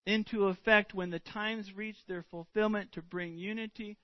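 A middle-aged man preaching a sermon as pastor, earnest and deliberate, stretching out words for emphasis. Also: sits high, fairly even intonation, no echo, muffled recording.

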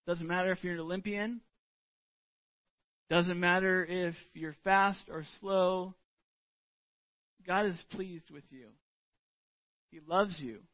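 A middle-aged man preaching a sermon as pastor, earnest and deliberate, stretching out words for emphasis. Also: sits high, steady tone, no echo, dull audio.

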